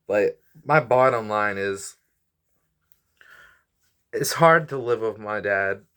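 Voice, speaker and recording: A man in his twenties speaks slowly in a lowish voice that's pushed and bright with a clean tone. He's a YouTuber and comedian venting on camera to his viewers: rambling, frustrated, tired, sighing frequently and apologizing.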